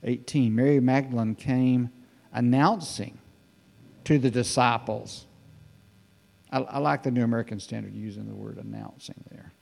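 A man preaching a sermon in a conversational, animated way, acting out the voices in the scripture he reads. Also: medium pitch, normal speed, gravelly, in a large hall. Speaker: pastor.

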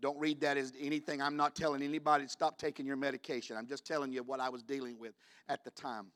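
A man preaching a sermon in a church, moving between quiet personal storytelling and loud, shouted declarations. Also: medium pitch, little pitch movement, fast. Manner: shifts from hushed storytelling to shouted climaxes.

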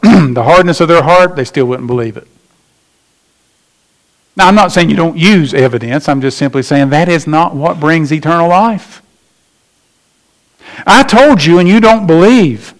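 A man preaching a sermon as pastor, emphatic, slowing down and rising in pitch to stress his points.

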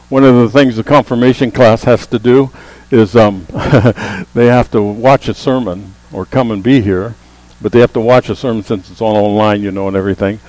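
A pastor delivers a sermon in a church sanctuary, his slightly mellow voice lifting into emphatic calls to the congregation over a low hum. There's no echo, but the audio quality is poor.

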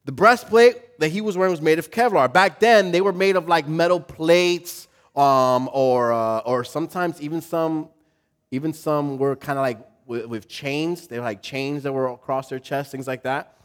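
A male pastor giving a casual, humorous sermon with dramatic swings between loud and soft. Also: fairly high pitch, moderate pace.

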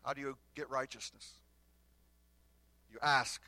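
A man's voice: medium pitch, steady tone, a little slow, vocal fry, no echo. Dynamic male pastor preaching a sermon. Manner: dynamic preaching that swings from loud bursts to hushed lines; acts out the exchanges between the prophets in their own voices.

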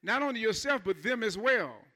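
A male pastor preaching a sermon in church, talking to the congregation in an informal, conversational way and acting out church members in quick asides. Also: high voice, animated, pushed and bright.

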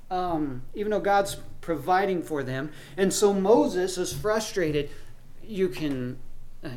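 A man's voice: fairly high pitch, darkish tone, a little hiss or hum. A man preaching a sermon as pastor, talking conversationally and acting out the voices of people in his stories.

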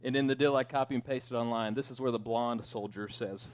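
A man's voice: mid-range voice, fairly even intonation, a little fast, few pauses, darkish tone. A male pastor delivers a sermon in a conversational, easygoing manner. His voice sits in an ordinary middle register, and he drops joking asides and small fillers along the way.

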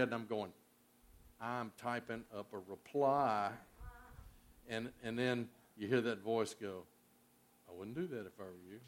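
A man preaching a sermon as pastor, folksy, swinging from loud emphasis to soft near-whispers. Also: medium pitch.

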